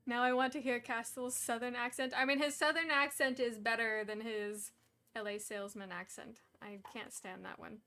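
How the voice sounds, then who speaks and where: Young woman host, slightly high voice, giggly and chatty read-aloud storyteller, feeling overheated. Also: steady tone, normal speed, bright, forceful tone. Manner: giggly, chatty, self-deprecating. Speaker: stream host and reader.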